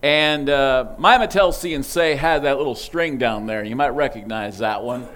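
A man giving a sermon illustration in an animated storytelling way, imitating toy sounds along the way. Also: mid-range voice, moderate pace. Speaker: preacher.

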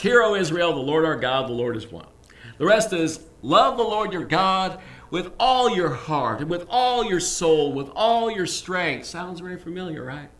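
A man preaching a sermon as pastor, emphatic and animated, dropping quick jokes and asides. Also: high-pitched, echoey room.

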